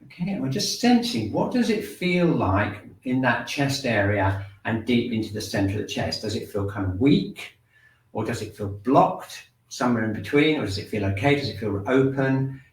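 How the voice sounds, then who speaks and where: Man guiding a calm shiatsu class, roomy. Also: medium pitch, moderate pace. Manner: calm guiding instructions with gentle prompts. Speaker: shiatsu and qi gong teacher. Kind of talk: guided exercise class. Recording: echoey room, mic at a distance.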